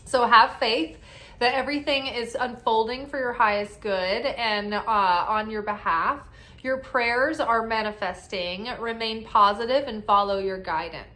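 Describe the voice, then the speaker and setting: A woman's voice: on the high side, a little slow, bright, forceful tone, echoey room. A woman giving casual spiritual guidance as an oracle card reader, chatty and upbeat, often tagging "right?" onto her thoughts.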